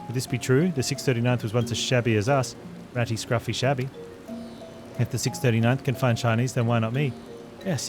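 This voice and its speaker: Reading game dialogue over loud game music, a man plays a nervous little kobold creature that repeats every phrase using three synonyms. His mid-range voice is only lightly acted.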